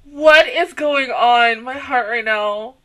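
Excitable high bright-voiced woman. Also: slow pace. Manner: excitable, emotional, rambling. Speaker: anime reaction vlogger. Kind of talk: casual reaction commentary.

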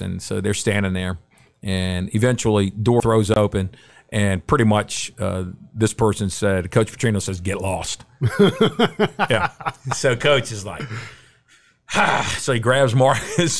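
A middle-aged man, a podcast guest, telling a story in casual, animated chat and acting out the quotes. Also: on the low side, gravelly.

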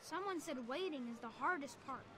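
A woman's voice: sits high, animated, brisk. A woman voicing a chatty young female video game character who recites trivia in cheerful scripted game dialogue. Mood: chirpy. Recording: game audio with loud music. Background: game music.

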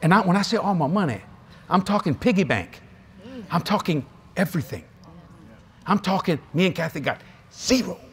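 Folksy preacher, fairly high voice. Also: male voice, normal speed, pauses often, slight background noise. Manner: folksy, humorous, animated storytelling with many acted quotes. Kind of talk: sermon with storytelling.

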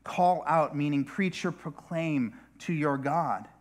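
Speaking slowly in a slightly high voice, a male pastor preaches in a chatty manner and keeps turning to his listeners with side remarks.

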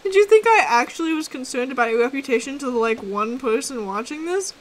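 Teasing high-voiced woman streamer. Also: expressive, fast talker, rough recording. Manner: teasing, laughs often. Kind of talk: casual gameplay chat.

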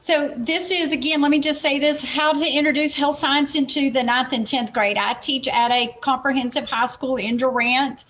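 A laid-back woman in her forties from Oklahoma speaks with a Southern Oklahoma accent and a fairly high voice. She presents to fellow teachers over a video call, casual and self-deprecating. The audio is a bit muffled, with a faint hiss behind her. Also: fairly even intonation, normal speed, hardly any pauses, fairly bright tone. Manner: laid-back, apologetic, talks herself through steps. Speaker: health science teacher presenting.

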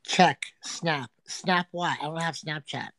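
A loud, crude woman chatting on a casual livestream from inside a home. She teases and swears freely in brash, playful banter. Her voice sits at an ordinary middle pitch and sounds dry and close, with little room echo. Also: slow pace. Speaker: livestream host. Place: a friend's home.

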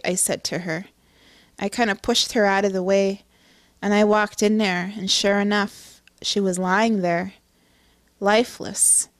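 A middle-aged woman giving an earnest personal testimony, halting, with many restarts and fillers. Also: medium pitch, dry recording, clean studio sound. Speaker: testimony speaker.

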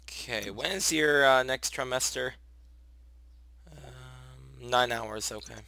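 This gaming channel host, a young man, casually narrates his life-sim gameplay, talking to the characters and gushing over anything cute. His voice is mid-range and gravelly, and he speaks slowly. Soft music plays underneath, and there's slight background noise.

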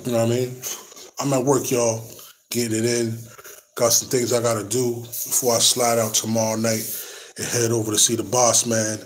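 A man's voice: medium pitch, flat delivery, normal speed, a little hiss or hum, rough recording. A man hosting a boxing talk show, chatting casually and with slang straight to his viewers from his workplace. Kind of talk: casual boxing commentary vlog.

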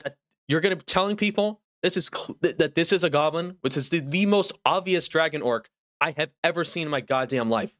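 A man's voice: on the high side, fairly quick, a bit bright, dry recording, studio quality. A young man streaming live from home, ranting in mock outrage with lots of exasperation.

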